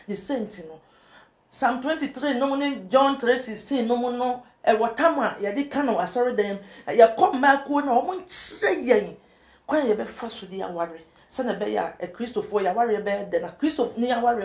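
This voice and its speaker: A woman's voice: on the high side, darkish tone, reverberant. A woman from Ghana, a talk show guest, giving earnest advice and quoting scripture. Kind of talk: casual studio chat.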